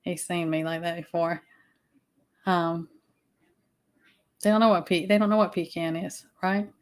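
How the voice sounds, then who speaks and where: A woman's voice: fairly low pitch, flat delivery, a little slow, clean tone. A woman with a Southern US accent, hosting a casual livestream chat, rambling with fillers and restarts. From Southern United States. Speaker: livestream host.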